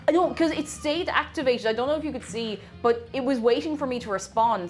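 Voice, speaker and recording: A woman's voice: fairly high pitch, expressive, moderate pace, pauses often, a little mellow, faint music behind. A woman streamer chatting casually with her viewers while she bakes. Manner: chatty, reading out viewer messages. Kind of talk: casual chat while baking.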